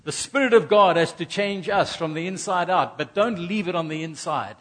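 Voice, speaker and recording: A man's voice: sits high, moderate pace, fairly bright tone. A middle-aged man from South Africa preaching a sermon, earnest, repeating key phrases and acting out little asides. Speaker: pastor.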